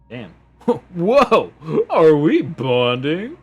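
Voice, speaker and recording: A young man live-streaming a story game, chatting casually with a giggly, playful, animated manner. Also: mid-range voice, measured pace, soft background music.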